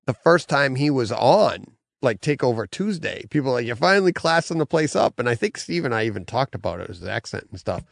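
A male podcast host talking casually with a guest. He is animated and laughs often, and his sentences tend to trail off into fillers. His voice sits at a middle pitch, and the recording is dry and close. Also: a little fast, creaky, few pauses, no echo. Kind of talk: casual chat.

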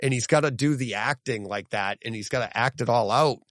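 A podcast co-host chats casually in a mid-range voice at a fairly quick pace, recorded in a clean studio with no room sound. His storytelling is animated, full of laughs and restarts.

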